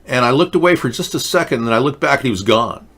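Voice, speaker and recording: A man's voice: mid-range voice, expressive, fast talker, a bit bright, slightly rough. A man hosting a show, talking in a casual, rambling, jokey monologue full of asides. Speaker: host.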